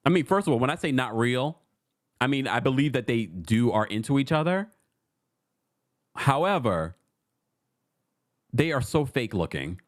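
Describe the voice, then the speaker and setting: A man hosting a casual pop culture gossip show, animated and sassy, laughing often as he comments. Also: mid-range voice, moderate pace, long pauses.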